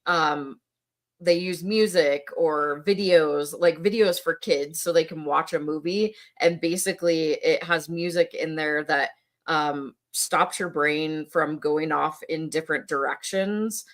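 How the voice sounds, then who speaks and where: Middle-aged woman guest with a lowish voice, chatty and loose, fillers everywhere. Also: unhurried. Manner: conversational, filler-heavy, animated when quoting her son. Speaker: podcast guest. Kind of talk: casual conversation.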